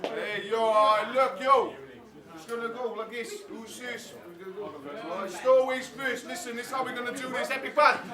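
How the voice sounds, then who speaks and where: A man hosting a rap battle, hyping the crowd with shouty, profane calls. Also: extremely high pitch, steady tone, moderate pace. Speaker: battle host. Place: bar at a live event. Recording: roomy bar, distant mic, crowd. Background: cheering crowd.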